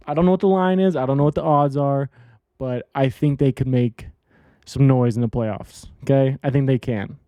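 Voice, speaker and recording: A man's voice: mid-range voice, dark tone, no room sound, studio quality. A man hosting a casual solo sports betting podcast, blunt and rambling, repeating himself and swearing now and then.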